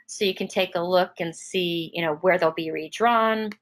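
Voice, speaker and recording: A woman giving an online software demonstration in a casual way, with many fillers and restarts, speaking over a web call. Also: on the low side, moderate pace, poor audio. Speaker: product trainer.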